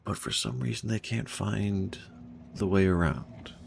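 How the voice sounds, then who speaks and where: A man's voice: low voice, expressive, a little slow, gravelly, a little hiss or hum. A young man streaming a game, thinking aloud and puzzling over what went wrong, chuckling to himself at a desk microphone. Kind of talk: casual gameplay commentary.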